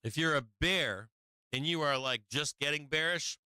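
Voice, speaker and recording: A man's voice: on the high side, moderate pace, sharp tone, clean tone, no room sound. A man hosting a live stock market stream, coaching and taunting viewers in brash, profane, rambling commentary full of "right?". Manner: brash, profane, repeats "right?" and restarts often; talks directly to viewers, coaching and taunting them. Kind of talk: casual live trading commentary.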